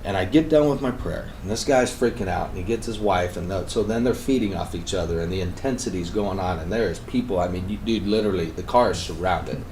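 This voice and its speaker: A man on a talk show, telling a story with energy. He swings between loud, emphatic bursts and hushed, intense passages. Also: low-pitched, brisk, few pauses, a little hiss or hum, rough recording. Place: radio studio.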